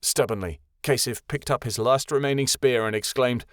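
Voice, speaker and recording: A man reading a fantasy novel aloud as audiobook narrator, with a steady storytelling delivery. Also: medium pitch, moderate pace, hardly any pauses, no room sound, clean studio sound. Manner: steady storytelling, voices every character.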